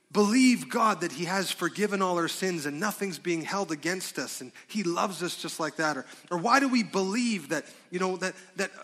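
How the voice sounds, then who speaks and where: A man preaching a sermon as a pastor, asking the congregation questions and breaking into loud, excited bursts. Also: sits high. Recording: long reverb of a large hall.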